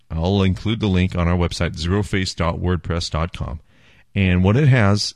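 A man's voice: low-pitched, dry recording, clean studio sound. A man hosting a casual beer podcast, enthusiastic and self-mocking as he chats and jokes. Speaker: podcast host.

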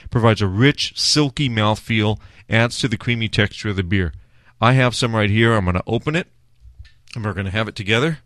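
Relaxed low-voiced man. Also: fairly quick, dry recording, studio quality. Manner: chatty, relaxed, with frequent "uh" fillers. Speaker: host of a food and beer show. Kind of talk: casual beer-tasting chat.

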